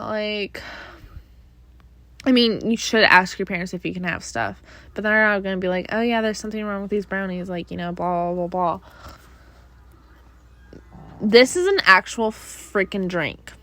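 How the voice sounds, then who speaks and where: A woman's voice: mid-range voice, animated, moderate pace, pauses often, fairly bright tone, no room sound. A young woman hosting her own podcast, rambling through the week's news in casual chat with many fillers and sighs, bothered by allergies. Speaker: podcast host.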